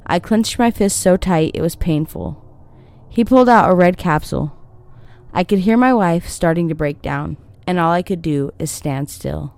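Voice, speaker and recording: A woman narrating a scripted scary story in a steady storytelling read. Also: on the low side, moderate pace.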